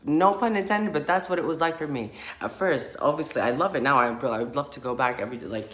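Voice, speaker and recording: A woman recounts her own experience in relaxed, chatty storytelling, full of "like" and "you know", and acts out the sounds she heard. Her voice carries a noticeable echo from a roomy space. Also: low-pitched, fast. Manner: animated, acts out screams and chants, many fillers. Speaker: spiritual healer sharing her story. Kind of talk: casual personal storytelling.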